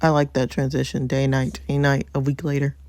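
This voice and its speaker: A woman's voice: rumbling low, completely flat delivery, a little fast, darkish tone, faint music behind. A woman hosting a casual let's-play, chatty and thinking aloud with frequent ums and laughs. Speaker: gaming channel host.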